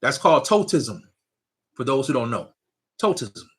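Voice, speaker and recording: Speaking at a normal pace in a mid-range voice, this man is very animated. He's a spiritual teacher preaching conversationally to his viewers, full of laughs and "you know what I'm saying," and he keeps asking if they're following along.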